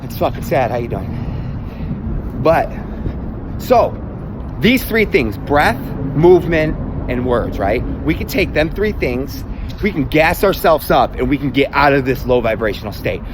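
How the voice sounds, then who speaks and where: A man's voice: medium pitch, animated, unhurried, background noise. A man delivering a profane motivational rant, blunt and emphatic, swearing constantly. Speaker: self-help vlogger.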